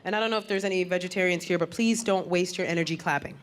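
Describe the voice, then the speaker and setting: A woman's voice: fairly low pitch, rapid-fire. A woman performing a stand-up comedy set, telling stories in a punchy way and acting out the voices of other people. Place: comedy stage. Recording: live club set with audible crowd and noise. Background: audience laughter and room noise.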